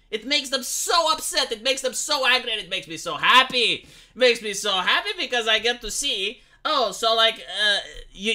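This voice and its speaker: Bright-voiced woman streamer, mocking and emphatic, ranting to her live chat. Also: mid-range voice. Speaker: commentary streamer. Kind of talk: ranting opinion commentary. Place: home streaming setup.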